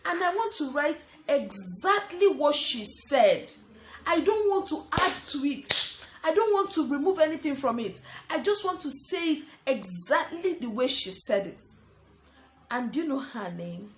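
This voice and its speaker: A young woman teaching a lesson to small children, speaking slowly and repeating words while she writes on a board. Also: high-pitched, very animated, a little hiss or hum. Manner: slow, sing-song teacher talk addressing children as friends; talks while writing on a board. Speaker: primary school teacher.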